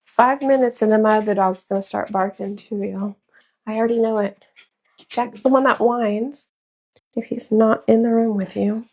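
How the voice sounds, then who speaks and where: Thirties woman, home crafter, slow chatty stream talk, slightly breathy. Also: mid-range voice, warm tone. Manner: chatty, talks to viewers as y'all, scolds her dogs. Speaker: crafter and live seller. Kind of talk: casual livestream chat while crafting. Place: small room at home.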